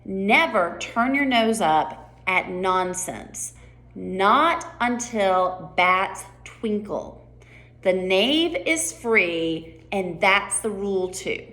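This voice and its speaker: A woman's voice: medium pitch, expressive, drawn-out words, a bit bright. A woman voicing a bossy queen who declares new rules, in a firm storybook reading. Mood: decreeing.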